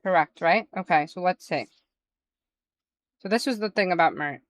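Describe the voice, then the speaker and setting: A woman live streamer telling gossipy stories to her chat in an animated, casual way. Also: fairly low pitch, moderate pace, no echo.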